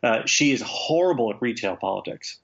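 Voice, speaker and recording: A man's voice: medium pitch, lively intonation, a little fast, creaky, fairly bright tone. A man gives wry, candid political analysis from home over a video call. His call audio sounds dull and lo-fi. He talks with frequent fillers. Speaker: guest writer. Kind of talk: remote podcast interview. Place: home, remote.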